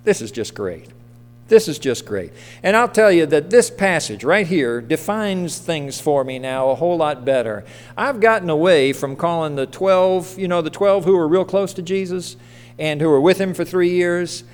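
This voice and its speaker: Speaking plainly in a church sanctuary, a pastor gives a sermon and frequently asks questions of the people in the pews. His voice is a little high for a man, clear and resonant, at normal speed, and the hall's walls give a long reverb.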